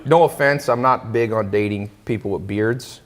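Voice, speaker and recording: Guy telling a story on a talk show, lively, does the voices, echoey hall sound. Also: on the low side, moderate pace. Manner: animated, acts out quoted voices. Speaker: podcast host. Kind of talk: storytelling in casual chat.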